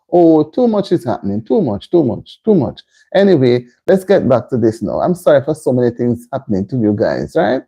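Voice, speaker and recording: A woman's voice: extremely low pitch, big pitch swings, normal speed, dark tone, husky. A middle-aged woman hosting a live cooking stream, chatting between cooking tips and greeting viewers by name.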